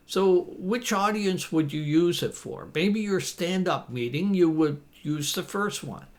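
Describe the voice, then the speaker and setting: A man in his fifties teaching business English phrases to camera, reading example lines slowly and deliberately in an encouraging tone. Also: a little high, vocal fry.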